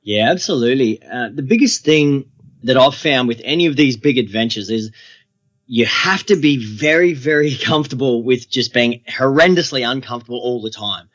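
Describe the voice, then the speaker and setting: A man, a guest on an interview podcast, telling adventure stories in a relaxed, steady way. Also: medium pitch, normal speed, highs cut off.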